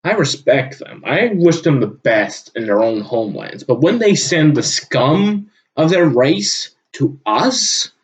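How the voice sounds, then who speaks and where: A man delivering a heated, profane solo rant with sudden loud bursts. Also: a little high, sing-song, slow, hardly any pauses. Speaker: channel host. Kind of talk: solo ranting monologue. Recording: dull lo-fi recording.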